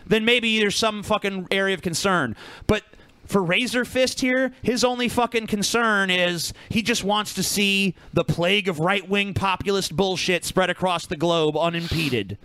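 A man's voice: sits high, moderate pace, sharp tone, smooth, no room sound. Profane, combative man ranting on a podcast. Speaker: podcast co-host. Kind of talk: profane casual chat.

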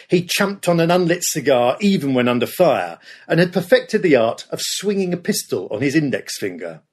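Male documentary narrator, husky and fairly high voice, dramatic storytelling. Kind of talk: scripted history narration.

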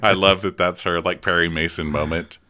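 Man, co-host, casual recap chat, joking, low pitch, bright tone. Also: steady tone. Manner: quick, joking, breaks into laughs. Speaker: podcast co-host.

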